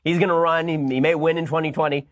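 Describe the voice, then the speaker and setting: A male host giving sarcastic news commentary, fast and mocking, breaking into bursts of laughter. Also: a little high, steady tone.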